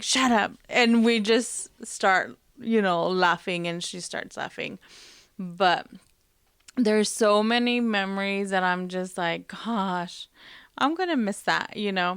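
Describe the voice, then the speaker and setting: A woman podcast host telling personal family stories in a soft, reflective way, pausing often with fillers. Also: mid-range voice, smooth, dry recording, studio quality. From Hispanic family, Spanish-speaking mother. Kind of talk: personal storytelling.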